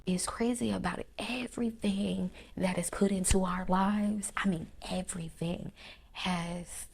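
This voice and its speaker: Gravelly low-voiced woman sharing faith. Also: a little mellow. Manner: repetitive, often dropping to a near whisper; preaching cadence with lists. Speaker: faith vlogger. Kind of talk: heartfelt spiritual reflection.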